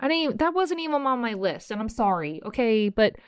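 A fired-up woman in her thirties talks straight to her listeners on a solo podcast, emphatic and outspoken. Her voice is smooth and clear, and the sound is close and dry, with no room around it. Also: on the high side, brisk, no echo. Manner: animated, emphatic, swears, addresses listener as sis. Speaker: podcast host. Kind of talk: casual solo podcast rant.

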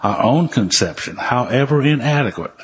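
A man's voice: mid-range voice, lively intonation, normal speed. An older man, telling stories from his recovery in a folksy way, with dry humor, and reading passages from the book aloud. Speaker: recovery speaker.

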